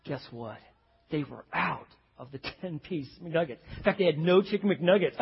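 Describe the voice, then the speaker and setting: A man's voice: a little high, moderate pace, vocal fry, husky, in a large hall, muffled recording. A man preaching a sermon, telling stories and acting out the voices of the people in them. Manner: animated storytelling, acts out quoted voices. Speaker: pastor.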